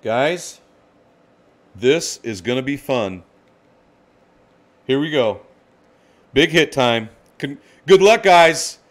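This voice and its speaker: A man hosting a live card-break stream, excitedly calling out each card and greeting viewers by name. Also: mid-range voice, takes it slowly, long pauses.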